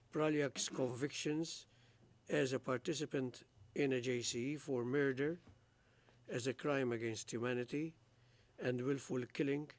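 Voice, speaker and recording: A man, the presiding judge, reading out a formal appeals judgment in a slow, measured legal recitation. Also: mid-range voice.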